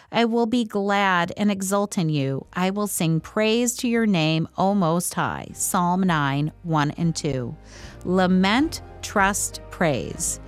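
A woman hosting a Christian devotional program, reading scripture and speaking in a measured, earnest way. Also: mid-range voice, dry recording, clean studio sound. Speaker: radio program host.

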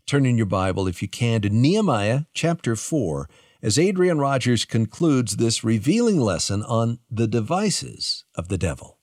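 A man's voice: mid-range voice, sing-song, normal speed, no echo. A man introducing a Christian radio program in a scripted, conversational way. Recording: dry studio with soft music.

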